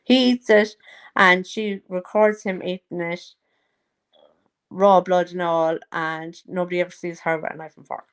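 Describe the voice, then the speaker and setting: A woman's voice: on the low side, fairly even intonation, measured pace, smooth. A woman chatting casually to her viewers in a gossipy, teasing way, now and then putting on mocking voices. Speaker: vlogger. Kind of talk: casual chat to a live audience.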